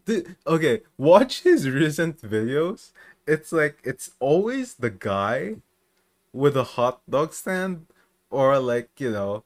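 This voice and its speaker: A man chatting casually on a streamer podcast, animated and saying "dude" a lot. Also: mid-range voice, slow. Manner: animated, says "dude" often, laughs while talking. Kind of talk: casual chat.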